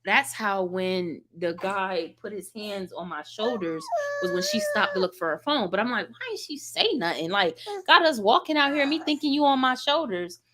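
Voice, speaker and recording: A woman vlogger telling a funny story in casual chat, animated and laughing, acting out quotes with big jumps in her voice. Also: medium pitch, moderate pace, background noise.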